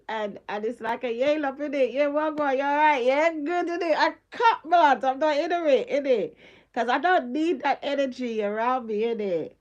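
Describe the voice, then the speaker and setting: A middle-aged woman, talking on a casual live stream in an emphatic, slangy way and laughing often. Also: high voice.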